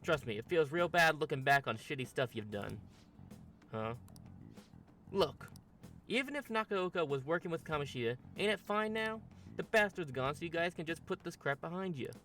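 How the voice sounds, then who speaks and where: A man voicing a brash, rough-talking teenage boy with a put-on drawl while reading a game's dialogue. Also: medium pitch, expressive, moderate pace, sharp tone, soft background music. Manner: slangy, drawling put-on accent. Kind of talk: game voice-over reading.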